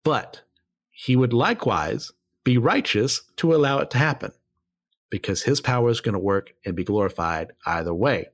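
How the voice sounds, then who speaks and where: A man's voice: mid-range voice, expressive, moderate pace. A man giving casual Bible commentary, blunt and opinionated, who drifts off on tangents and pulls himself back. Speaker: Bible study teacher.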